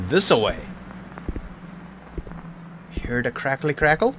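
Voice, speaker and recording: A man's voice: a little high, very animated, takes it slowly, long pauses, background noise. A man hosting a horror game let's play, talking in a playful way with silly made-up words.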